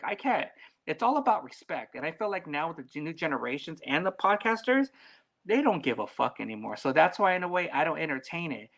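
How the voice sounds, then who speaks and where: This man, a guest on a podcast, talks in a relaxed, blunt way, cursing often and shifting animatedly as he speaks. His pitch runs on the high side.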